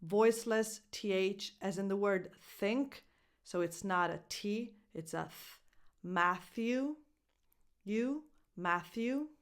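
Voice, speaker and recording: Woman coach, deliberate pace, breaks words into syllables for learners. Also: medium pitch. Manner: slow, careful, repeats words syllable by syllable. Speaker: English pronunciation coach. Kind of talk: pronunciation lesson to camera.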